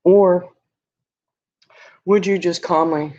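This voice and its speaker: This livestream host chats easily with her audience, wandering through a hypothetical scenario full of fillers. Her lowish, dark voice moves at a slow pace with fairly even intonation, and the audio is dull lo-fi stream quality.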